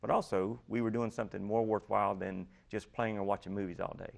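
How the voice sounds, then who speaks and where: A man explaining his ministry program as a guest in a talk show interview, earnest and steady, often repeating key phrases. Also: lowish voice, fast talker, vocal fry.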